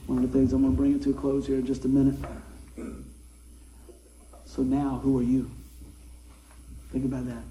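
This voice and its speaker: A man's voice: medium pitch, monotone, moderate pace, long pauses, dark tone, echoey room, slight background noise, low-quality recording. A man preaching a sermon in a folksy, conversational way, often asking his listeners questions.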